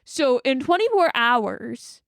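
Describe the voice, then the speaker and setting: A woman's voice: high voice, slow pace, creaky, no echo, clean studio sound. A woman in her twenties co-hosting a podcast, retelling a story in casual chat, acting out quotes and saying "like" a lot. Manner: animated retelling, acts out quotes, many "like"s. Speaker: podcast co-host.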